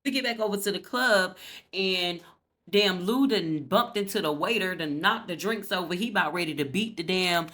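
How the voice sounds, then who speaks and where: A woman's voice: fairly low pitch, normal speed, fairly bright tone. Chatty, cussing woman recapping a show. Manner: chatty, gossipy and profane, addressing viewers directly. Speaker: TV recap vlogger. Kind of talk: casual TV episode recap.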